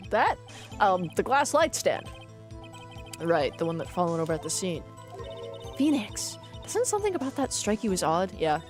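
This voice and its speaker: A woman streaming a game in casual commentary, playful and cursing, reading the game's text aloud as she goes. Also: fairly low pitch.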